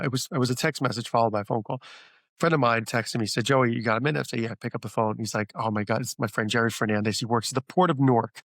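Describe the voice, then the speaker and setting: A man's voice: medium pitch, no echo. Middle-aged guy rambling in an interview, lots of "you know", dry close sound. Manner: rambling, many fillers and restarts; animated when retelling stories. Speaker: franchise founder guest. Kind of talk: casual business interview.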